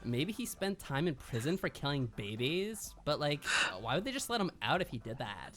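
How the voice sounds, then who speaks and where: A man's voice: a little high, big pitch swings, moderate pace, music in the background. A man streaming a visual novel, reading its narration aloud and musing on it. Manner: reads narration aloud, then muses on it. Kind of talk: reading narration and casual commentary.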